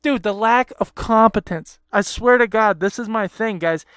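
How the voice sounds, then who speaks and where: A young man rants on his podcast, swearing at every turn and piling on sarcastic complaints. His voice is smooth and resonant, recorded close and dry with no room sound. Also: high-pitched, moderate pace, fairly bright tone, no room sound. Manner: angry, swears constantly, sarcastic, rambling. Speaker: podcast host. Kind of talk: profane ranting monologue.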